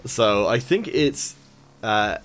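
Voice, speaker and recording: An esports caster commentates a mobile game stream in a relaxed way, greeting chat viewers by name and making jokes at his own expense. His voice is on the low side, slow and sing-song, with faint music playing behind him.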